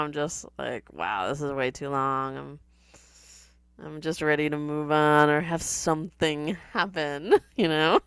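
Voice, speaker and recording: A woman giving casual, sardonic reaction commentary on a TV episode, chatty and quick to laugh. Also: low voice, a bit bright, clean tone, no echo.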